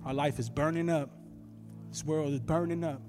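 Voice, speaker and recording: Lively male preacher, storytelling sermon, high-ish voice in a reverberant room. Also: moderate pace. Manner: animated storytelling, bursts of shouting. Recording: long reverb with faint music.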